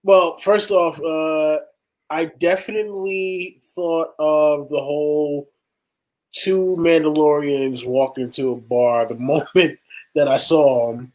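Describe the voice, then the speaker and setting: A man co-hosting a casual review podcast who gets animated and acts out the characters in jokey voices. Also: on the high side, takes it slowly. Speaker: podcast co-host.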